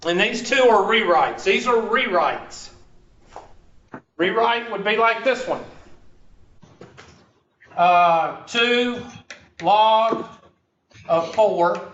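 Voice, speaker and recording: High-voiced joking math teacher. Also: male voice, animated, extremely slow, long pauses, a bit bright, distant mic. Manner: joking, teasing, quizzes the class. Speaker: math instructor. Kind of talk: classroom lecture. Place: classroom. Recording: echoey muffled room recording from afar with faint hiss.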